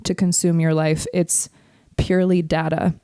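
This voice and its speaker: A woman telling a story in a casual podcast chat, animated, laughing often and swearing freely. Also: lowish voice, normal speed, smooth, dry recording, studio quality. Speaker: podcast co-host.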